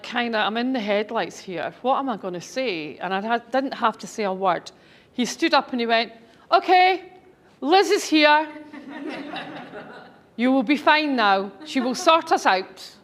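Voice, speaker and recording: A middle-aged woman, a speaker and author, telling anecdotes to an audience in a chatty, enthusiastic way. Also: medium pitch. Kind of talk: storytelling talk to an audience.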